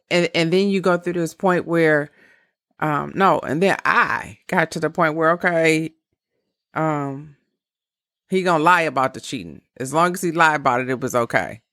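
A woman's voice: deep voice, measured pace, fairly bright tone, no echo, studio quality. A woman of around fifty giving blunt, profane relationship advice in a candid casual monologue with laughing asides.

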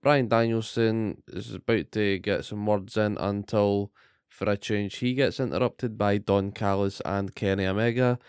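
A man in a sweary, animated rant, recapping wrestling as a podcast co-host. His voice sits low, smooth and resonant. The sound is dry and close, with no room. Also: unhurried, no room sound.

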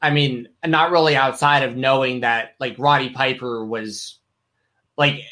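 A man's voice: medium pitch, steady tone, measured pace, sharp tone. A man co-hosting a casual podcast chat, answering in short, laid-back replies. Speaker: podcast co-host.

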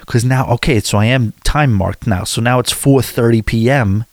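A man's voice: medium pitch, moderate pace, no room sound, studio quality. A man from the United States telling a travel story to his viewers in a casual, rambling, candid way.

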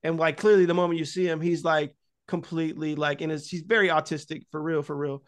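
A man with a high, light speaking voice recaps a film in loose, profane casual chat. He tells it with energy, acting out the characters' lines along the way. His words come fast and scattered, full of "like" and restarts. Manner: animated, profane retelling with acted-out quotes. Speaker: podcast host.

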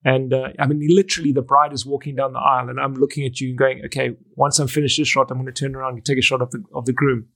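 A man's voice: medium pitch, rapid-fire, hardly any pauses. A middle-aged man, a wedding photographer and educator, telling stories in an interview and acting out the conversations he recalls. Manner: animated, acts out conversations, frequent restarts. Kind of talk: storytelling in a podcast interview.

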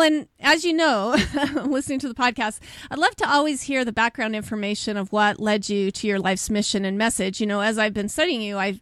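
A woman hosting a podcast interview, enthusiastic and quick to laugh. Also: medium pitch, vocal fry, no room sound. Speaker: podcast host. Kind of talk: interview conversation.

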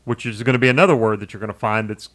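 A man co-hosting a podcast in casual chat, animated and emphatic, swearing casually. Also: on the low side, rapid-fire. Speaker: podcast co-host.

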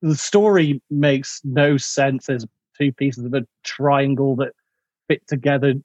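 A man's voice: medium pitch, fairly even intonation, measured pace, darkish tone, no echo, dull audio. A man chatting casually about a film, rambling with many fillers and restarts. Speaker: podcast co-host.

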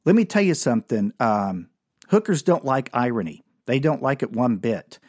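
A man's voice: moderate pace, husky, dry recording, studio quality. Rambling man telling comic tales. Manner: rambling, self-mocking, with animated swings in pitch. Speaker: comedian and storyteller. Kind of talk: comic storytelling monologue.

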